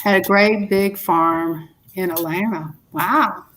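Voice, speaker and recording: A woman's voice: on the low side, slow, fairly bright tone. Older woman chatting on a livestream. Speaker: co-host. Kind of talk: casual livestream chat.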